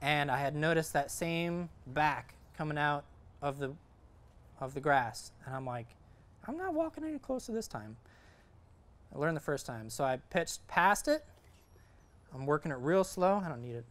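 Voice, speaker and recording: A man's voice: a little high, normal speed, a bit bright, clear, resonant tone. A man giving a casual, rambling talk to a group on sight fishing from a kayak, full of fillers and restarts.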